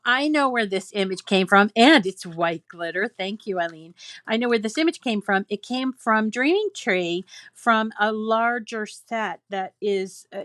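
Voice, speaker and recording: At home, a crafting channel host reads holiday cards from viewers out loud, chatting casually and gushing over them. She has a medium pitch and fairly bright tone, with no room sound in the recording.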